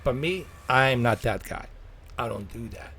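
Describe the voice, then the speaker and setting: A man's voice: mid-range voice, lively intonation, measured pace, a bit bright, breathy edge. A man livestreaming gameplay, ranting in a repetitive, exasperated way and talking straight to his viewers. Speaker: gaming livestreamer. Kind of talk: live gameplay commentary.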